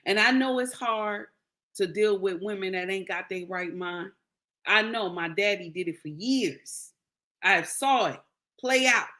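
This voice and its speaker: A woman's voice: mid-range voice, measured pace, bright, forceful tone. A woman giving casual, preachy commentary, addressing listeners as her sisters and repeating key lines for emphasis. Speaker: social commentator.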